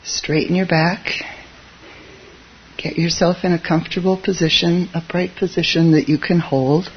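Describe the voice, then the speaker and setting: Relaxed, chuckling Zen teacher, muffled recording. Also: mid-range voice, normal speed, a little hiss or hum. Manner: relaxed and conversational, chuckling at own asides. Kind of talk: dharma talk.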